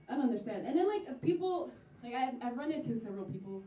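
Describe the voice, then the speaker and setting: A woman's voice: a little high, very animated, fast, hardly any pauses, soft background music. A young woman performing a stand-up comedy set in a chatty, self-mocking way, full of "like". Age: young adult. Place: comedy stage with audience laughing. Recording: roomy, distant, dull live-room sound.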